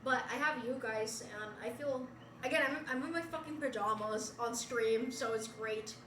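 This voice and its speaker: A woman's voice: fairly high pitch, moderate pace, distant mic, background noise. A young woman from Puerto Rico chatting casually with her viewers on a bedroom stream, giggly and talkative as she answers chat. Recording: roomy bedroom, voice away from mic.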